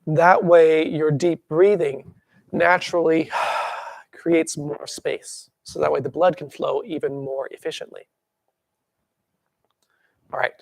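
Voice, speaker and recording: A man teaching a tuina workshop, calmly guiding breathing and then explaining with lively acted-out examples. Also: fairly high pitch, slow pace, gravelly, long pauses, no echo, clean studio sound.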